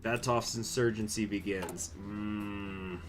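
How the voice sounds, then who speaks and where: A man streaming a strategy game, chatting with viewers, reading event text aloud and breaking into loud, swearing surprise. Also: lowish voice, steady tone, takes it slowly, a little hiss or hum. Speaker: gaming streamer.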